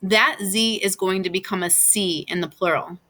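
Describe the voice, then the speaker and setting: A woman's voice: medium pitch, normal speed, bright, forceful tone. A woman teaching Spanish grammar in a recorded class, explaining patiently step by step with examples.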